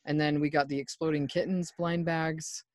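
A man with a slightly high voice chats loosely on a podcast, wandering from story to story and laughing as he goes. The sound is dry and close, with no room to it. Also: little pitch movement, moderate pace, dry recording. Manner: rambling, chatty, laughs often. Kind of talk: casual chat.

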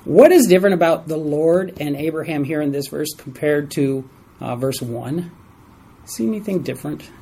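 A man's voice: a little high, animated, moderate pace, gravelly, warm tone, husky, poor audio. A man leading a Bible study lesson for a small group in a room, stressing key words and asking the group questions.

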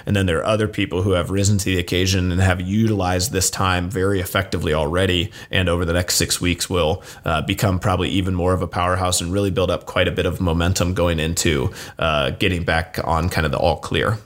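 A man's voice: low voice, level tone, fast talker, few pauses. A man who runs a gym, giving his members a casual, earnest motivational talk full of fillers. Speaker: gym owner and coach.

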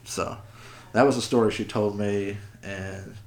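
A man's voice: on the low side, fairly even intonation, measured pace, darkish tone. A man co-hosting a podcast, chatting casually and telling stories with plenty of swearing. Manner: swears freely, tells stories with quoted voices. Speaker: podcast co-host. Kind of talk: casual chat.

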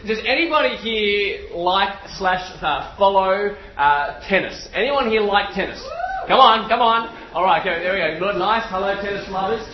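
An Australian man in his forties delivers a sermon in a fairly high voice. He tells stories with bursts of excitement and swings between hushed prayer and lively talk. The sound is echoey and a little dull, as if picked up in a big room. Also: moderate pace, few pauses, distant mic, a little hiss or hum. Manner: excitable, animated storyteller. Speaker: preacher. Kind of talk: sermon with storytelling. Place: room with a live audience.

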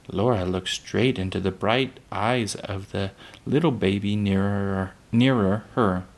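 A man reading a children's book aloud, unhurried, with small slips that he corrects. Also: lowish voice.

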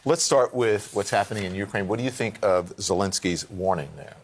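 A man's voice: fairly low pitch, brisk, slight background noise. A man anchoring a morning news show, reading headlines and asking probing questions conversationally. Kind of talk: live TV news interview.

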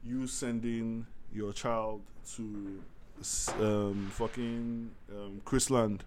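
A man telling a long story on a casual podcast, animated, laughing often and full of slang. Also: lowish voice, very slow, noisy background. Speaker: podcast host.

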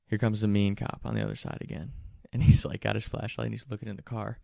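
Animated profane storyteller, young man. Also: fairly low pitch, quick pace, creaky, dry recording, clean studio sound. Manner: animated, profane, laughing while telling. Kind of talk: casual storytelling.

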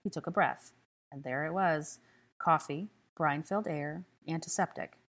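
A woman reading a story aloud as narrator, calm and even. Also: deep voice, moderate pace. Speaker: audiobook reader. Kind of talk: scripted narration.

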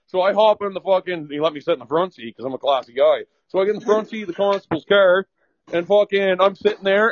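A man's voice: high-pitched, no echo, dull audio. A young man from Ontario telling a rowdy, profane story in casual chat, rambling and laughing as he goes. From Ontario, Canada.

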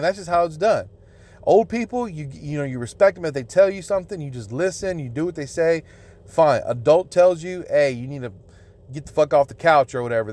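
A young man with a drawl hosting a solo podcast rant, swearing nonstop and sounding outraged and emphatic. His voice sits a little higher than most men's, and he keeps up a crude, indignant tone throughout. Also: darkish tone. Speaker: podcast host.

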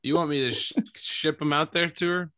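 A man co-hosting a laid-back podcast, laughing often and teasing his friends. His voice sits bright and fairly high, and his pitch swings widely. The recording is dry and close. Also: fairly even intonation, fairly quick, dry recording. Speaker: podcast co-host. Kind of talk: casual chat.

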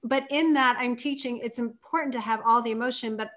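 Woman host, happiness coach, enthusiastic and affirming, bit high voice. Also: fairly even intonation, a little fast, fairly bright tone. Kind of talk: conversational interview talk.

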